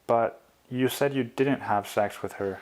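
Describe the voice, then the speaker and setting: A man voicing a young woman, his girlfriend, who speaks softly and sounds tired and tearful. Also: medium pitch, measured pace, natural voice. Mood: hurt. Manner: soft, weary and tearful.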